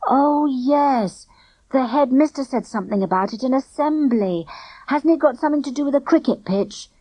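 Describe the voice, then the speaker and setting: Storybook: mopey lanky schoolboy, flat and mumbling, as a woman narrator puts him on. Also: high-pitched, moderate pace, dry recording, pitched above the performer's own voice, low-quality recording. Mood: glum. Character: gloomy lanky young boy, sulky and withdrawn.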